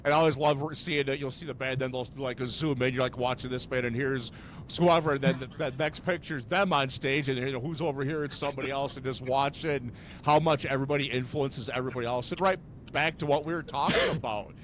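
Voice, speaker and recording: A man hosting a podcast, telling stories in a rambling, animated way with many fillers. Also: medium pitch, fast, a little hiss or hum. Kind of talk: casual chat.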